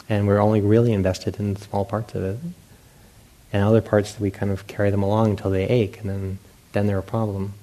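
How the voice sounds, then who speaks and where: A man's voice: lowish voice, mellow. A man who is a meditation teacher, giving a dharma talk at a meditation center as a self-mocking storyteller who acts out his own past thoughts and laughs often.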